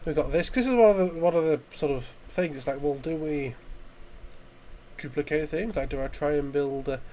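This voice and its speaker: A man's voice: on the high side, a little fast, warm tone. A man with a slightly raised voice talks through his game as a casual let's play commentary. He thinks aloud and rambles, restarting his sentences as ideas come to him. A faint hiss sits under his voice.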